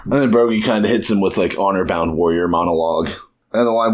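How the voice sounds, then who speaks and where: A man's voice: low-pitched, very animated, fairly quick, slightly rough. A young man hosting a podcast, chatting casually about manga chapters, swearing and acting out quotes. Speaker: podcast host.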